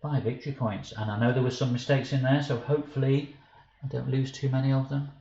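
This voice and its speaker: A man's voice: mid-range voice, steady tone, a little fast, creaky, warm tone. A man streaming a card game live, thinking aloud about his moves and flustered and self-mocking when he slips up. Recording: dull roomy stream audio with faint hiss.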